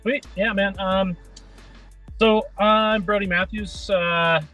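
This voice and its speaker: A man's voice: high voice, fairly even intonation, slow, sharp tone, faint music behind. A man in his thirties, a guest calling in from his parked car, easygoing in casual chat. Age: 30s. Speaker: guest, tint business owner. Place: parked vehicle.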